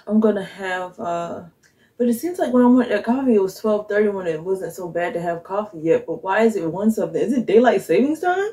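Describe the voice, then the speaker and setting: A woman's voice: medium pitch, lively intonation, brisk, dark tone, low-quality recording. Rambling woman vlogging at home. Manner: rambling, thinking aloud, chuckles often. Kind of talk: casual vlog chat to viewers. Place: home kitchen.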